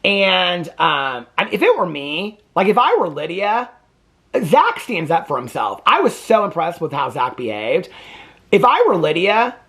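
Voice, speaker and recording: A man's voice: sits high, very animated, measured pace, sharp tone. A man hosting a reality TV reaction video, ranting indignantly and swearing freely in casual commentary. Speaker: TV reaction host.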